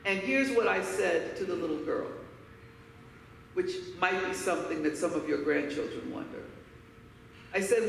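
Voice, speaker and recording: Woman keynote speaker, emphatic candid storyteller, gravelly edge, long hall reverb, faint room noise. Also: fairly low pitch, normal speed, long pauses. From Harlem, New York. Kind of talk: personal storytelling speech. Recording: echoey hall, voice from far off.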